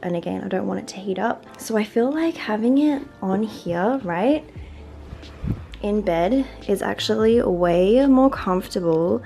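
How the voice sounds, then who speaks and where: A woman's voice: medium pitch, lively intonation, measured pace, creaky, warm tone, soft background music. An Australian woman around thirty chatting casually to camera at home in her vlog, full of "like" fillers. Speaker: lifestyle vlogger.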